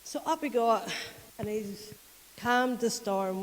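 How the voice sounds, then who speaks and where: A woman's voice: medium pitch, slow, long reverb tail, slight background noise, rough recording. A woman with a Northern Irish accent preaching a conversational sermon, retelling a story in a chatty way and often laughing. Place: church.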